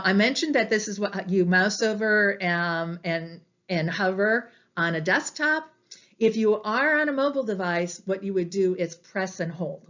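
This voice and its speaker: Woman, librarian, slow explanatory talk, mid pitch, dull lo-fi audio. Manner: chatty, explanatory, with frequent ums. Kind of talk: recorded library presentation.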